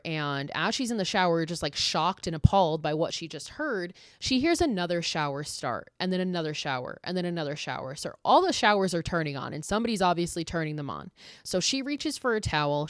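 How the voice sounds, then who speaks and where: A woman's voice: lowish voice, dry recording, studio quality. A woman hosting a podcast, recapping a horror film in a chatty, profane way full of "like" fillers. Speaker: podcast host.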